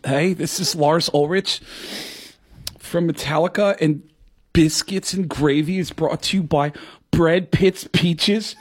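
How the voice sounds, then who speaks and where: A comedian guest doing exaggerated celebrity impressions for mock radio ads. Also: male voice, fairly high pitch, steady tone, slow pace. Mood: comic, over the top. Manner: switches into exaggerated put-on voices. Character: male celebrity impressions, brash and loud.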